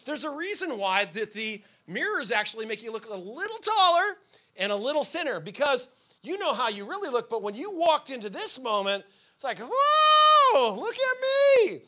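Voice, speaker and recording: A man preaching a sermon as pastor, telling everyday stories with sudden shouted outbursts. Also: very high voice, very animated, fairly quick, slight background noise.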